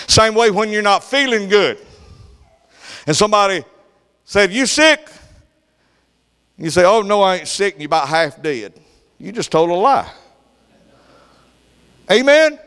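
An older man preaching a sermon as pastor, swinging from loud, fervent delivery to soft whispers. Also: sits high, clear, resonant tone, long reverb tail.

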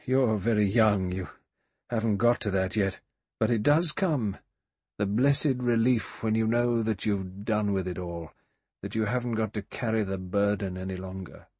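A man over sixty voicing a quiet, grave old male general who speaks gently and slowly. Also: lowish voice, slightly rough, no room sound. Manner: gentle, slow, musing.

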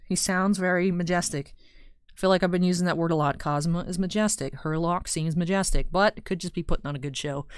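Brief: young female let's-play host, slightly low, rambling and upbeat. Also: clear, resonant tone, no echo, studio quality. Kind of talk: casual gameplay commentary.

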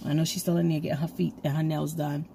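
A woman giving an excitable, rambling prophetic message to her viewers, recorded on her own camera at home. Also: deep voice, fast, gravelly, a little hiss or hum. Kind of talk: casual prophetic video message. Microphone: camera she sets up herself.

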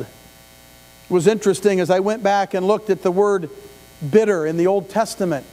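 A high, warm-toned man's voice with fairly even intonation carries this middle-aged pastor's conversational sermon at a moderate pace. He often addresses questions to the congregation and offers asides, recorded in a church sanctuary on a live stream with long reverb and mains hum.

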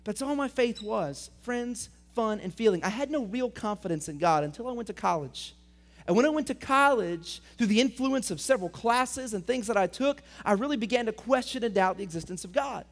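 A young adult man preaching to middle schoolers as their pastor, energetic, swinging between loud emphatic lines and quiet intense questions. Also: high-pitched, a little fast. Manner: reads scripture aloud, asks students direct questions. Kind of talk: youth sermon.

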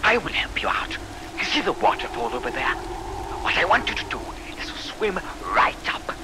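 A man's voice: sits high, sing-song, moderate pace, background noise. A man voicing an eccentric male radio guide in a game, speaking in a sing-song, theatrical way. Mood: cheery, mysterious. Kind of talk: game character dialogue.

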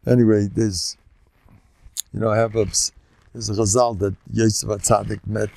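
A man's voice: fairly low pitch, flat delivery, moderate pace, vocal fry, dark tone. An older man, a rabbi giving an informal Torah talk, folksy and joking, sprinkling Yiddish and Hebrew words and jumping between teaching and banter.

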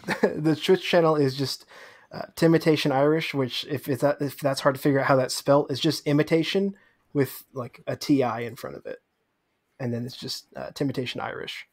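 A man guesting on a podcast, chatting casually, quick to laugh and enthusiastic. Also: mid-range voice, steady tone. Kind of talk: casual chat.

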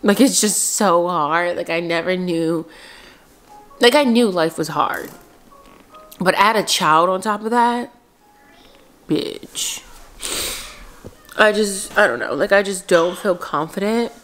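A woman's voice: lowish voice, slow, long pauses, fairly bright tone, soft background music. A woman in her twenties from Philadelphia, talking candidly in a casual mom vlog, rambling and full of "like". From Philadelphia, USA. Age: 20s. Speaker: mom vlogger.

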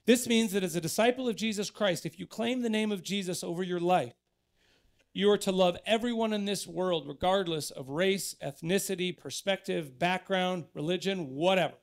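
Man, pastor, sermon in church, high voice, gravelly edge, earnest, emphatic. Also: normal speed. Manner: earnest, building to emphatic exhortation.

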